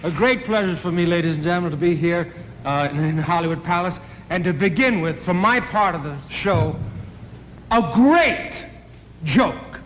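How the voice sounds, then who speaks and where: A man's voice: fairly high pitch, a little fast, a bit bright, slight background noise. A man from New York, a comedian telling jokes in a chatty, playful way on a television stage. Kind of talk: stand-up storytelling. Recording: echoey old television broadcast.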